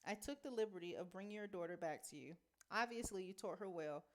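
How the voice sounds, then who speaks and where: A woman's voice: fairly low pitch, animated, brisk, lightly acted. A woman reading as a genteel, amiable man. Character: friendly, overly polite middle-aged man. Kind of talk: reading a novel aloud.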